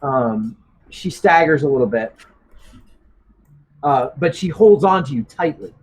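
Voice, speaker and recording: A man's voice: mid-range voice, animated, unhurried, rough recording. A man narrating as game master for a tabletop game, rambling with many ums and restarts.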